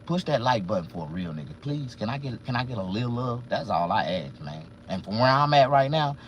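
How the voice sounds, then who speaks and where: A man vlogging from a car, ranting casually and profanely, swinging between loud outbursts and low muttering. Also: sing-song, fairly quick, dull audio, slight background noise. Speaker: vlogger and barber. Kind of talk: casual live-stream rant.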